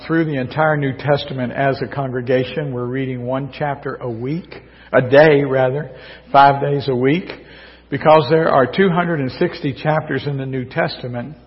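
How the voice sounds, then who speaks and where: A man preaching a sermon to his congregation in a folksy, joking way, his voice a little hoarse because he is losing it. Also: mid-range voice. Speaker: pastor. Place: church sanctuary. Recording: distant, dull church recording with long reverb.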